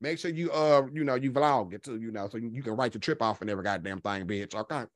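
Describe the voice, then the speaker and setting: A man hosting a gossip commentary show, talking loudly and brashly with constant profanity. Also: mid-range voice, quick pace, dry recording, clean studio sound. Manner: loud, brash, heavily profane.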